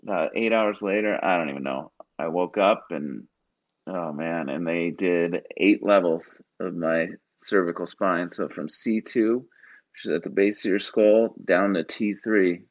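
Speaking low and a bit slowly, a man in his thirties who is a Marine Corps veteran relates a personal story as a guest in a casual chat. He's earnest and acts out the dialogue in voices; the recording is dull and lo-fi.

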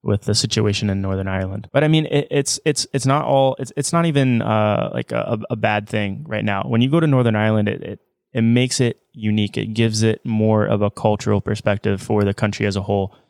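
A man with a fairly low voice hosts a relaxed travel podcast. He talks eagerly and keeps restarting his sentences. His voice sits close and dry, with no room sound. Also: a little fast, gravelly, no echo. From United States. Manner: enthusiastic, frequent restarts. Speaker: podcast co-host. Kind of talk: casual travel chat.

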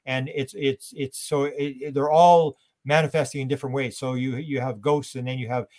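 A man's voice: medium pitch, flat delivery, moderate pace, darkish tone. An older man from Canada, a guest in a conversational interview, telling stories animatedly and acting out the voices of the people he quotes.

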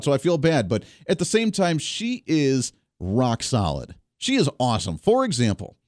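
A man's voice: medium pitch, a little mellow, no room sound. A man in his thirties hosting a radio talk show, chatty, upbeat and opinionated, talking straight to his listeners. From Kansas. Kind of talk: energetic radio talk monologue. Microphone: studio microphone. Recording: dry studio sound, faint music.

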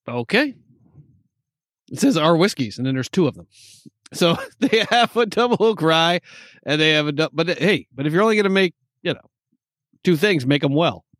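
A man's voice: fairly high pitch, fairly bright tone, no room sound, clean studio sound. A man co-hosting a whiskey tasting in casual chat, given to wry jokes and asides.

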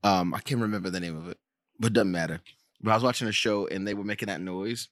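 An American man with a fairly low voice and a bright, forceful tone, recorded dry and close. He tells stories in a rambling way, full of fillers and restarts. The talk is a casual podcast chat. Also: steady tone, fast talker, no room sound. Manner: rambling storyteller with many fillers. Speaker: podcast co-host.

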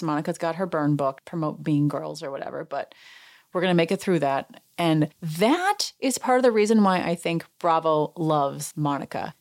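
A woman hosting a podcast, recapping reality TV in casual chat and acting out quotes with lively jumps in her voice. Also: low voice. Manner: chatty, reenacts quotes with animated voice jumps. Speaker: podcast host.

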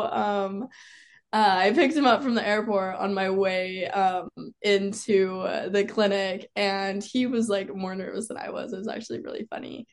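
A woman's voice: medium pitch, fairly even intonation, normal speed. A young woman, a college cheerleader, telling her story as a guest in casual conversation, chatty and full of "like" fillers. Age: young adult. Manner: chatty, peppered with "like", laughs often.

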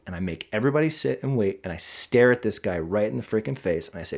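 A man hosting a casual podcast conversation, talking in an animated, emphatic way with preacher-like rises and drops. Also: on the low side, fast talker, creaky, few pauses.

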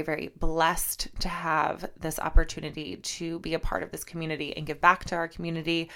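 Teary low-voiced woman podcaster. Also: flat delivery, fairly quick, hardly any pauses, pushed and bright. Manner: heartfelt, gushing, many repeated "very"s and "um"s. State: teary, on the verge of crying. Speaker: podcast host and fitness instructor. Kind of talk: casual solo podcast talk.

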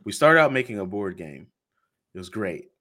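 Lively low-voiced man telling a story. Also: moderate pace. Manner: animated, acts out quoted dialogue with laughs. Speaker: podcast host being interviewed. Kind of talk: casual storytelling.

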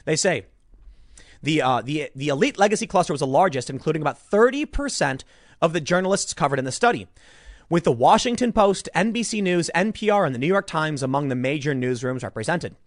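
A man's voice: fairly high pitch, lively intonation, brisk, dry recording, clean studio sound. A man giving sarcastic political commentary, reading an article aloud with mocking asides.

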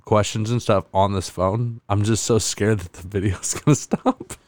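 Young man, low voice, halting casual chat, dry close sound. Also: steady tone, no room sound. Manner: halting, with many fillers and restarts.

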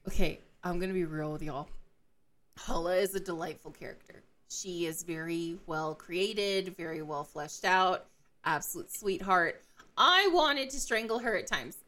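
A woman co-hosting a book podcast, animated and dramatic as she retells scenes and acts out the characters. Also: fairly low pitch, measured pace. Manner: animated, slips into exaggerated character voices while retelling. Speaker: podcast co-host. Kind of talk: casual book-club chat.

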